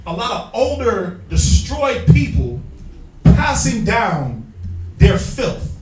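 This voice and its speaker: A man teaching from the Bible in an emphatic, slangy street style, prodding his reader with quick call-and-response. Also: high voice, big pitch swings. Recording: echoey room, distant mic, faint music.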